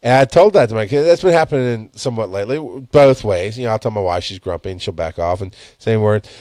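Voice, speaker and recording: A man's voice: on the low side, animated, fast, darkish tone, no echo. Man, 30s, podcast host; profane, candid, rambling monologue into a dry close mic. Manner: blunt and profane, rambling with self-corrections. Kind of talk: casual solo podcast monologue. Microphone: headphones and studio mic.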